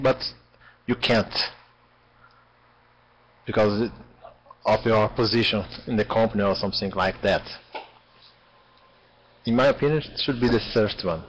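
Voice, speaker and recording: A man's voice: on the low side, low-quality recording. A man student giving his opinion in an online English class, searching for his words. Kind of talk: answering in class. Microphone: video call.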